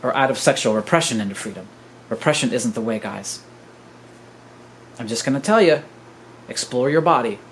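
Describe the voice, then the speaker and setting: A man's voice: medium pitch, expressive, moderate pace, long pauses, a little hiss or hum, low-quality recording. A man in his fifties, a podcast host, gives an earnest, preachy teaching monologue and keeps calling his listeners "guys". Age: 50s.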